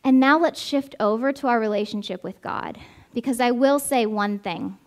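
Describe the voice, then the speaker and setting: At a church service, a woman preaches a conversational sermon, emphasizing points through repetition and often checking in with "right?", then leads a closing prayer. Her voice is on the high side at normal speed.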